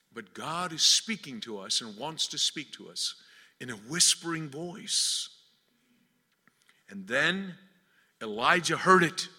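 A man delivers a sermon in a fairly high, very bright voice. He swells into loud, declaiming passages, then sinks to hushed, almost whispered lines. Long reverb from a large church hall trails every phrase. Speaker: preacher.

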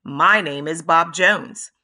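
A tall bearded announcer opening a spelling bee in a measured, formal newscaster style, as a woman reads him. The voice sits low and slow, with a bright, clear edge. This is storybook narration. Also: full character voice.

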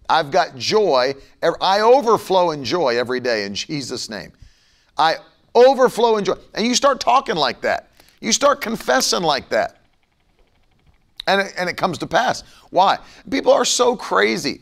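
A man's voice: on the high side, a bit bright. A middle-aged man preaching a broadcast sermon and leading a prayer, emphatic and fervent, now and then mocking his critics.

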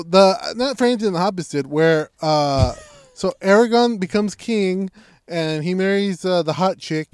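A man's voice: a little high, darkish tone, smooth, dry recording, clean studio sound. A man in casual, profane banter who rambles through stories with many fillers.

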